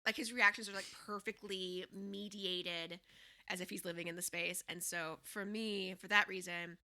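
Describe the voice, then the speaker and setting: A woman's voice: mid-range voice, fairly even intonation, normal speed, sharp tone. A woman guest chatting casually on a podcast, rambling with many fillers.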